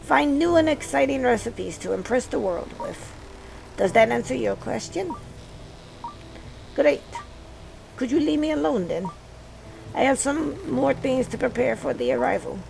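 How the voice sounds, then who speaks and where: A snooty French-flavored cook, put on by a woman, brushing people off briskly. The voice sits high with a faint rasp, in the manner of game dialogue read aloud. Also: expressive, noisy background, heavily acted. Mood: haughty. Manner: brisk, dismissive. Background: game music.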